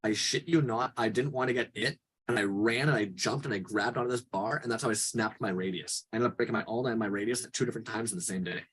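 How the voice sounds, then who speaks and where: A man in his thirties from Canada, chatting casually on a podcast and telling animated, swear-laced stories. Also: on the low side, quick pace, hardly any pauses. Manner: animated storyteller, swears freely. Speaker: podcast guest. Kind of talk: casual chat.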